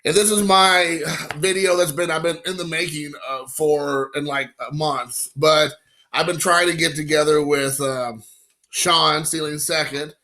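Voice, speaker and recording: A card-collecting channel host from Indiana, USA talks casually to the camera for his vlog. His slightly high voice is bright and forward, a little slow, and he rambles excitedly through his story, dropping in quoted asides.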